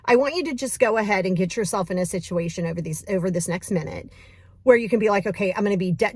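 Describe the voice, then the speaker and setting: A woman leading a guided mindfulness exercise, talking casually and straight to the viewer with lively bursts. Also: medium pitch, dry recording. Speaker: mindfulness coach.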